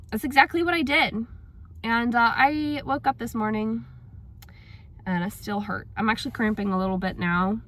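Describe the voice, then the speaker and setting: A young woman chatting in a casual personal vlog, acting out her own reactions with big jumps in pitch. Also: moderate pace, a bit bright, no room sound. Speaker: vlogger.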